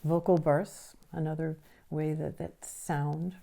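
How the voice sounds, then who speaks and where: Woman educator, deep mellow voice, patient explainer who keeps checking in with listeners. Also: little pitch movement, slow, creaky. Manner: explanatory, often checks in with a tag question. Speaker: nervous system educator. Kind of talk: teaching a recorded lesson.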